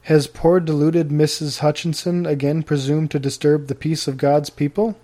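Meek puritan wife, soft deferential questions, mellow voice, read by a man. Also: on the high side, level tone, moderate pace, lightly acted. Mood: gentle.

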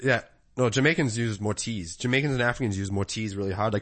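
A man's voice: fairly low pitch, fast, a bit bright, no echo. A man hosting a podcast, joking and laughing often in crude casual banter. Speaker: podcast host.

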